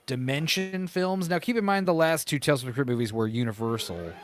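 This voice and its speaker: A man hosting a casual podcast, chatting about movies in a rambling way, with many pauses and self-corrections. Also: medium pitch, lively intonation. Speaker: podcast host.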